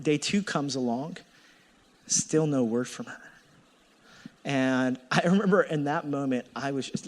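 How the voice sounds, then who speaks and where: A man in his thirties preaching a sermon as a pastor, telling a personal story with animated delivery and acting out his own thoughts. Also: a little high. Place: church hall. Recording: long hall reverb.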